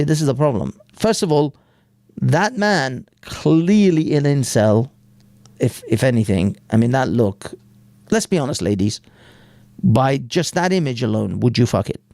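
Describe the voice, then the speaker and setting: A man's voice: medium pitch, lively intonation, moderate pace, gravelly, warm tone, no room sound, clean studio sound. A British man hosting a live stream, giving crude, rambling commentary full of swearing and stumbles over words. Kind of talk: crude casual commentary while reading an article aloud.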